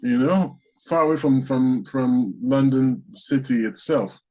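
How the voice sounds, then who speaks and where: A man from the UK co-hosting a casual podcast, rambling in asides with dry, dark jokes. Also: mid-range voice, a little slow, poor audio. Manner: dry, rambling, darkly joking. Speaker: co-host.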